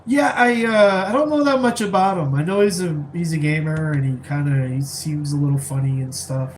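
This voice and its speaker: Brief: male live-streamer, relaxed rambling chat, slightly high pitch, faint background hiss. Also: moderate pace, low-quality recording. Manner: rambling, laid-back, many fillers. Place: rented apartment, keeping voice down.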